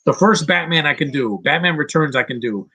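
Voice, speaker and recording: A man's voice: a little high, lively intonation, fairly quick, pushed and bright, husky, rough recording. A man in his thirties giving casual live-stream movie commentary, rambling and blunt, swearing freely and often restarting sentences. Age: 30s.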